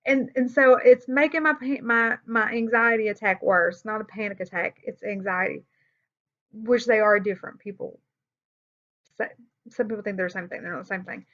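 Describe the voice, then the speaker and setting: A woman's voice: mid-range voice, moderate pace, a bit bright. Candid woman vlogging, slightly muffled. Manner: candid, conversational, many fillers and restarts, sighs. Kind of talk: personal vlog storytelling. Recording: slightly dull lo-fi sound.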